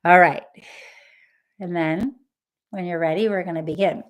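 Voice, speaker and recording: A woman leading a live EFT tapping session, speaking in a gentle, encouraging way and repeating affirmations for listeners to say along. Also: lowish voice, steady tone, normal speed.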